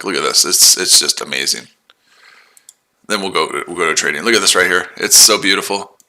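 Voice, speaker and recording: Mocking low-voiced man on a trading stream. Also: a little fast, bright, forceful tone. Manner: mocking, repetitive, talks to chat. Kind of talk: casual livestream commentary.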